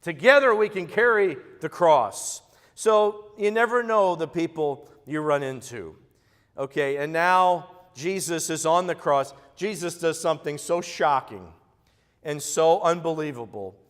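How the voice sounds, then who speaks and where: A man's voice: a little high, unhurried. Man preaching in an echoey church. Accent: American Midwest. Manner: conversational preaching, swings from hushed to loud. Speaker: pastor. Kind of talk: sermon. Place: church sanctuary.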